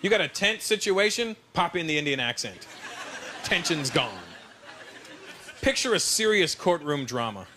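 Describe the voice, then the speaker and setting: Male stand-up comic, higher voice, animated and confiding, working the room on a noisy live recording. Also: normal speed, pauses often. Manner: animated, confiding, riffing with the crowd. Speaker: stand-up comedian. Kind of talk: stand-up routine. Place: stage in front of a live audience. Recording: noisy played-back stand-up clip.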